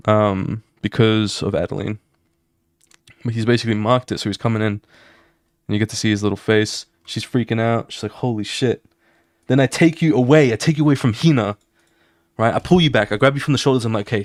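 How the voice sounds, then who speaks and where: A man who streams his drawing, casually walking viewers through his comic pages with animated, fast talk, swearing and sound effects. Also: fairly low pitch, dry recording, clean studio sound.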